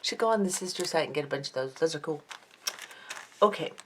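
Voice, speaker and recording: She's a fast talker with a deep voice and lively intonation, recorded with slight background noise. This woman jewelry-making vlogger chats casually while unboxing craft beads at her home craft table under lamps, reading each one out and admiring it.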